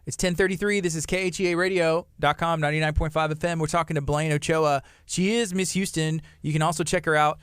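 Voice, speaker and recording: A man's voice: fairly high pitch, steady tone, fast, few pauses, fairly bright tone, smooth, dry recording, clean studio sound. A man with a Texan accent hosting a radio show, easygoing and friendly, laughing along with guests. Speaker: radio host. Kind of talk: casual radio talk.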